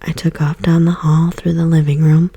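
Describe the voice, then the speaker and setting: A woman giving a soft, whispered ASMR book reading as storyteller. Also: low-pitched, flat delivery, normal speed, gravelly, breathy edge.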